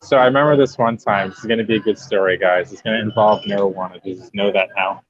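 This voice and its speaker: A young man from Massachusetts, a podcast guest, telling stories in a lively, joking, emphatic way and swearing freely. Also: fairly low pitch, quick pace, no room sound. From New Bedford, Massachusetts. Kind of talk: casual storytelling chat. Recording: dull lo-fi podcast audio.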